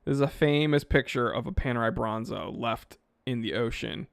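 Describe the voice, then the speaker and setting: A man's voice: mid-range voice, moderate pace, creaky, no room sound, clean studio sound. A man hosting a live stream, casually reading viewer comments aloud and rambling offhand about them. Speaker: watch channel host reading live chat.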